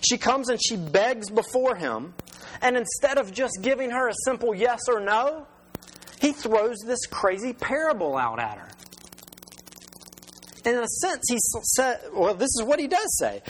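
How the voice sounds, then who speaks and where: A man's voice: very high-pitched, sing-song, normal speed, slight background noise, poor audio. A man preaching a sermon as pastor in a conversational way, with rhetorical questions and restarts.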